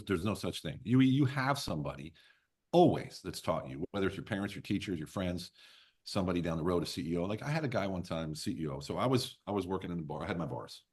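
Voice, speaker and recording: A business coach in his fifties tells stories as a guest on a podcast, speaking in a low, husky voice. He's blunt and emphatic, with casual swearing.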